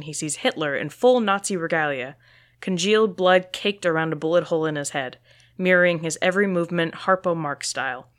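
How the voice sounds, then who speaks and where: A woman's voice: fairly low pitch, a bit bright. A woman reading stage directions aloud in a plain, matter-of-fact way.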